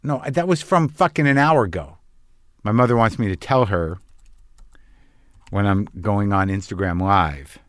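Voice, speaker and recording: A man's voice: lowish voice, unhurried, long pauses, no room sound. Profane rambling man, dry close sound. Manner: profane, wry, anxious rambling. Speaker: podcast host. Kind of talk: rambling casual monologue. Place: lives on the West Coast.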